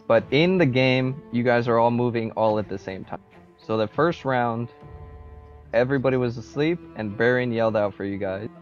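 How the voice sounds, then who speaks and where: Over voice chat with soft background music, a game master with a mid-range voice runs a tabletop role-playing session at a normal speed. He narrates the characters' actions and patiently walks the players through the rules, relaxed and using lots of fillers. His headset mic gives a dull, slightly muffled lo-fi sound.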